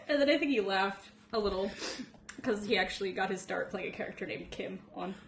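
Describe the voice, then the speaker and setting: A young woman telling an excited story in a casual chat, rambling and laughing often. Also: medium pitch, fairly quick, gravelly, reverberant, slight background noise. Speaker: guest telling a convention story.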